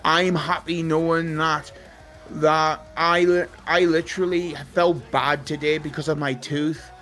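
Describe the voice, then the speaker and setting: A man's voice: fairly high pitch, flat delivery, a little slow, a bit bright. A young man chatting casually, rambling and emotional, swearing freely and laughing often. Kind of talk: casual chat. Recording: faint music behind.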